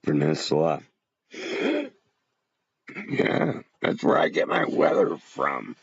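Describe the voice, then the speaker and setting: A man's voice: extremely low pitch, slow pace, vocal fry, slightly rough, no echo, muffled recording. A middle-aged man rambling casually to his viewers on a livestream, greeting chat by name. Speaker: livestream host. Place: home bunker.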